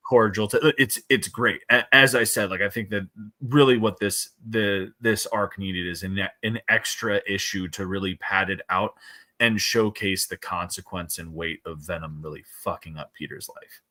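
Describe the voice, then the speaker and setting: A man, a comic book creator, chatting as a guest on a podcast in a rambling, animated way full of fillers. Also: low-pitched, moderate pace, dry recording. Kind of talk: casual chat.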